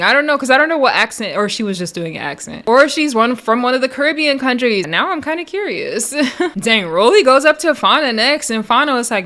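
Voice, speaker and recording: Chatty bright-voiced young woman recapping. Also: a little fast. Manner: chatty and animated, laughing often, acting out quotes in loud high bursts. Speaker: reality show recap host. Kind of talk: casual reality TV recap commentary.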